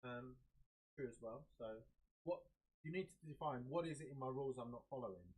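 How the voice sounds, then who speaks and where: A man's voice: medium pitch, a little fast, breathy edge, rough recording. A man coaching traders on a live stream, explaining patiently through examples. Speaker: trading coach. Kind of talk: live-stream trading talk.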